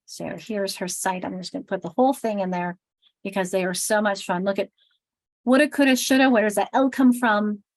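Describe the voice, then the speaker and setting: A woman's voice: mid-range voice, steady tone, a little fast, dry recording, rough recording. An American woman leading a teacher workshop, enunciating every word very carefully and demonstrating sounds aloud. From United States. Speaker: teacher trainer. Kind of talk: workshop presentation.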